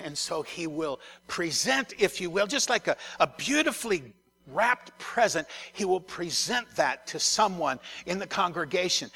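A man's voice: fairly high pitch, gravelly, bright, forceful tone. A man, a pastor, preaching a conversational sermon to his congregation, often repeating words and turning to the listeners.

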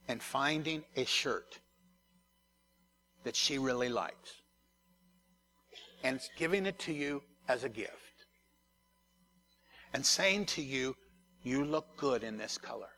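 A man's voice: mid-range voice, takes it slowly, pauses often, bright, forceful tone, slight background noise. A man, a pastor, preaching a conversational sermon to his congregation, often repeating words and turning to the listeners.

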